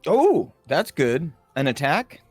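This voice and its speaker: Excitable swearing man at a game table. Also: on the high side, slow pace, over music. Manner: excitable, swears, laughs often. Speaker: player. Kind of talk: casual tabletop play.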